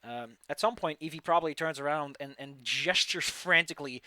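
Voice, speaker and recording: A man's voice: a little high, fairly quick, bright, forceful tone, clear, resonant tone, no room sound. A man running an online tabletop game as game master, loose and rambling, often restarting and swearing casually.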